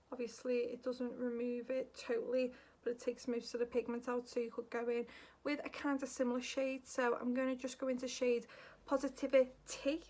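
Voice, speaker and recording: High-voiced chatty woman. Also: vocal fry, darkish tone. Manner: chatty, jokey, talks to herself while working. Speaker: beauty vlogger. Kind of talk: casual makeup tutorial chat.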